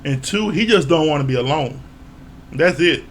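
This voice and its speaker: Man, slightly high voice, casual reality show recap, slangy, swears, chuckles. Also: expressive, normal speed, slight background noise. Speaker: reality TV reviewer.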